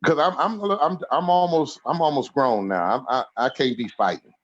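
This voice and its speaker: A man's voice: mid-range voice, normal speed, fairly bright tone. Older man in his sixties, easygoing joker and storyteller, slightly muffled sound. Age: 60s. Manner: humorous, laughs through his stories. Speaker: podcast guest. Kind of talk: casual storytelling interview.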